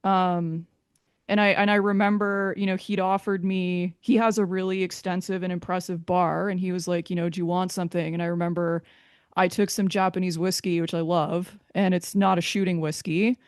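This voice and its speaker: A woman's voice: lowish voice, flat delivery, moderate pace, clear, resonant tone, no room sound, clean studio sound. A woman being interviewed, giving a candid personal account in a hesitant way, often restarting her sentences.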